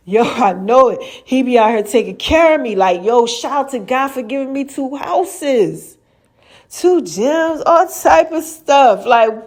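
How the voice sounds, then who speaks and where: A woman hosting her own podcast in a casual, animated monologue, preaching about faith and laughing often. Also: fairly high pitch. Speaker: podcast host.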